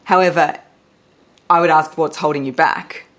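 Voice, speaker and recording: Brief: low-pitched woman guest, animated and laughing easily, coach-like delivery. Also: normal speed. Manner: animated, expressive, laughs often. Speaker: voice and public speaking coach, guest. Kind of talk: podcast interview chat.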